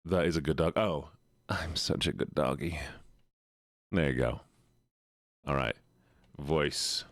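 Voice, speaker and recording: Low-voiced playful male streamer. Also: no echo, clean studio sound. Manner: playful, teasing, talks straight to chat. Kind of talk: casual live-stream chat.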